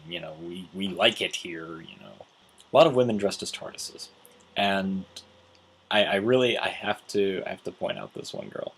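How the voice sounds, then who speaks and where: A man's voice: low-pitched, a bit bright, husky. A man vlogging a casual, rambling story recap, acting out quotes as he goes. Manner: rambling, with many restarts and acted quotes.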